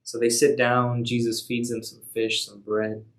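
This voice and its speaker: A man telling a Bible story for a youth ministry in a relaxed, slangy way. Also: mid-range voice, unhurried. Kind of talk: casual Bible story retelling.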